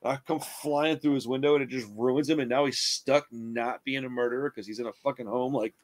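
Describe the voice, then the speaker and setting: A man's voice: mid-range voice, steady tone, brisk. Swearing young man telling rambling stories. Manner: rambling storyteller, swears a lot, says dude and bro. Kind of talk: casual chat.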